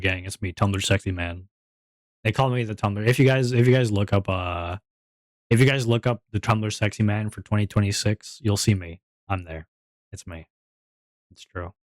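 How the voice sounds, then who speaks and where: A man voicing a smug male heartthrob persona, talking slowly and self-satisfied in a deep croon. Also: no echo, clean studio sound, close to an everyday voice. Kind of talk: casual chat.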